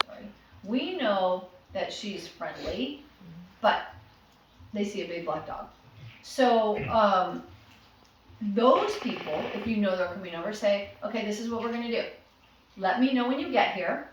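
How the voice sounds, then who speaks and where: A woman's voice: on the high side, recorded from a distance. A woman working as a dog trainer, patiently explaining commands to a puppy's owners and acting out what to say. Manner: patient, instructive, acts out commands and dialogue. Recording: echoey room, voice from off-mic.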